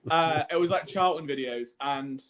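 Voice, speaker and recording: A man's voice: fairly high pitch, normal speed, fairly bright tone. A young Englishman hosting a casual livestream chat, playful and prone to giggling. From England. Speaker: podcast host.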